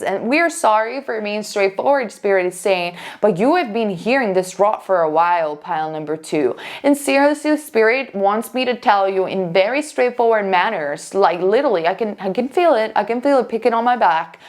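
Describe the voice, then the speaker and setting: A woman's voice: medium pitch, animated, normal speed, hardly any pauses. A woman giving a casual pick-a-card tarot reading as a psychic, chatty and emphatic, with fillers and restarts.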